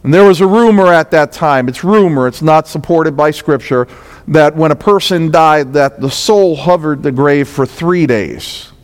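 A pastor with a New York accent preaches in a large hall, his fairly high voice moving a little slowly. He tells the story conversationally, acting out what its characters said, and his intensity builds as he goes.

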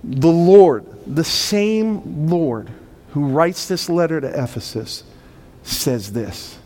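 High-voiced man preaching with fervor. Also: animated, darkish tone. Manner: preaching with sudden swells of volume and emphatic slowdowns. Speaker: pastor. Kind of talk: sermon.

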